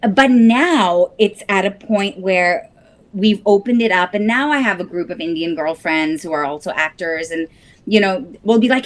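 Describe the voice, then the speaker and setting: A woman's voice: mid-range voice, normal speed. A woman actress speaking as a guest in an interview, earnest and thoughtful, often adding "you know" as she reflects.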